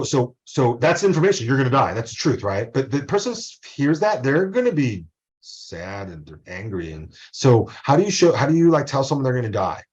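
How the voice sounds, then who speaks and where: A man's voice: medium pitch, muffled recording. A male college professor giving a casual online lecture, rambling into asides and acting out quotes.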